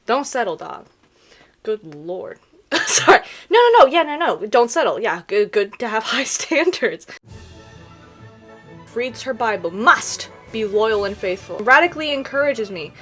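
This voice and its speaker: A woman's voice: fairly high pitch, measured pace, soft background music. Sarcastic young woman doing comedy commentary. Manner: sarcastic, animated, laughing asides. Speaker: reaction video creator.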